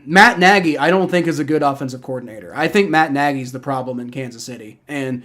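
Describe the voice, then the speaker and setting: Fast-talking, with a mid-range and fairly bright tone, a young man hosts a live stream reacting to football. He goes off in a heated, profane rant, often repeating himself and beginning sentences anew.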